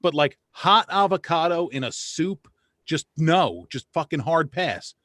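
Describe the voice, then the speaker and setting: A man's voice: on the high side, lively intonation, unhurried, a bit bright, dry recording, studio quality. A man hosting a casual talk show, blunt and profane, often restarting his words. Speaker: podcast host. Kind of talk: casual chat.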